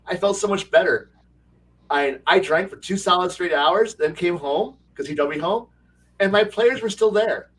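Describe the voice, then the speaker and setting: A man's voice: high-pitched, a little slow, long pauses, a bit bright, far from the mic. A man chatting casually as a game master, rambling through a story, acting out quotes, laughing and swearing freely. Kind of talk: casual chat on a livestream.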